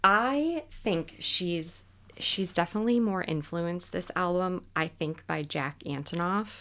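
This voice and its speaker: A woman's voice: fairly low pitch, unhurried, fairly bright tone. A young woman, a podcast guest, chatting casually with lots of "like" and "um". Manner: chatty, heavy use of "like" and "um". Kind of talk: casual conversational interview.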